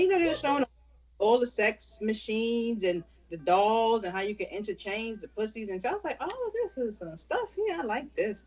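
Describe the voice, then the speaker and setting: A woman's voice: medium pitch, highs cut off. A woman in her thirties, a business owner and interview guest, telling stories bluntly with plenty of swearing. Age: 30s. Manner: blunt, storytelling, heavy swearing. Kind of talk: casual interview chat.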